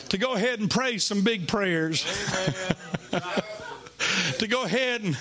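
A man's voice: sits high, animated, a little slow, long pauses, a loud crowd. A middle-aged man with a Southern US accent preaching a sermon, telling a folksy story with humor and rising to fervent, emotional delivery. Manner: emotional, rising to shouting fervor.

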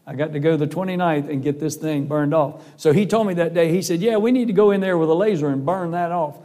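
A middle-aged man preaching a sermon with a hoarse voice, telling a personal story in a folksy way and acting out the voices of people in it. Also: fairly high pitch, quick pace, dark tone. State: hoarse from a vocal cord nodule. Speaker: preacher and singer.

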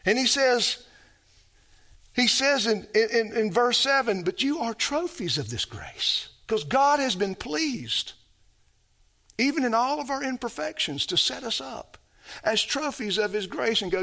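A man preaching a sermon, moving from loud emphatic phrases to soft, low asides and calling out to the congregation for responses. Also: sing-song, a little slow, creaky.

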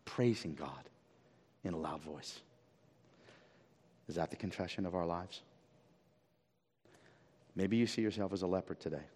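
A man preaching a sermon as pastor, swinging from loud emphatic peaks to quiet low pleading and asking the congregation rhetorical questions. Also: measured pace, pauses often, slightly rough. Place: church sanctuary. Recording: long reverb of a church hall.

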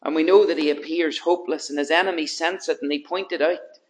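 A man's voice: on the high side, steady tone, fast. A man preaching a sermon in an earnest manner, building his points through repeated rhetorical questions.

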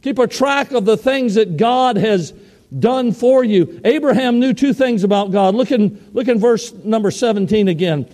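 A man preaching a sermon, telling a story in an animated way and acting out the people in it. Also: high-pitched, normal speed, long reverb tail.

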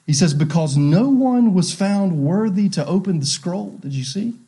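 A man's voice: high voice, animated, normal speed, mellow, breathy edge. A male pastor preaching a sermon, asking rhetorical questions and repeating key phrases.

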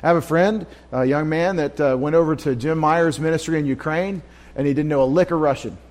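Male Bible teacher, slightly high voice, relaxed conversational delivery with anecdotes and audience questions. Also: a little fast. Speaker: pastor. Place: church.

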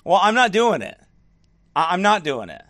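A middle-aged man, a pastor, ranting in fiery preaching style with shouted bursts and mocking asides. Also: high-pitched, sing-song, normal speed, no echo, clean studio sound. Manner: fired-up, shouting bursts, mocking soft baby talk.

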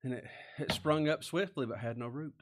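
A man's voice: medium pitch, a little fast, background noise. Folksy preaching man. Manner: preaching with rhetorical questions and sudden drops to a hush; folksy, plain-spoken. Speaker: pastor. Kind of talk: sermon.

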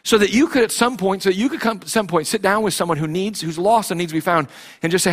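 Impassioned preacher, man, higher voice. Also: fast, fairly bright tone. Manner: impassioned, repetitive, with frequent restarts and rhetorical questions. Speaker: pastor. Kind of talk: sermon.

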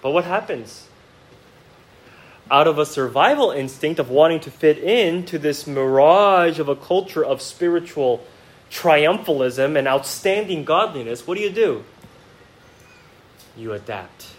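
A male pastor preaching a sermon to his congregation in a church. He talks to them directly with rhetorical questions and swings from quiet, reflective asides to emphatic outbursts. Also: fairly high pitch, expressive, a little slow, low-quality recording. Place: church sanctuary.

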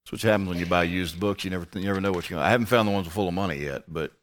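A man's voice: low voice, rapid-fire, a little hiss or hum. A man teaching a Bible lesson as a pastor, talking his way step by step through a word study with muttered asides.

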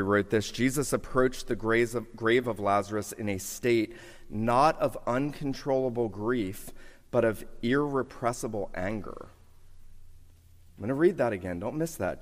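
A man preaching a sermon, moving between loud emphatic lines and hushed, slowed passages. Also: mid-range voice. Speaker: pastor. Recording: hall reverb, sermon in a church.

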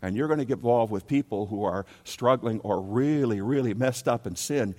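A man preaching a sermon as pastor, emphatic, repeating key words and swinging between loud and soft. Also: mid-range voice, moderate pace. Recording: long reverb of a large hall.

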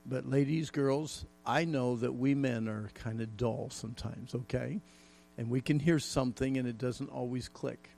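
A man's voice: mid-range voice, gravelly, a little mellow. A middle-aged man preaching a folksy, emphatic sermon with jokes and repetition. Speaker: pastor.

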